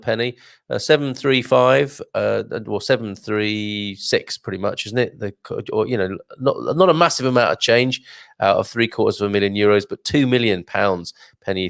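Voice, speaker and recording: A man's voice: lowish voice, creaky, dry recording, clean studio sound. A man hosting a live show, chatting casually and rambling through viewer comments with jokes and laughs. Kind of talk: casual live-stream chat.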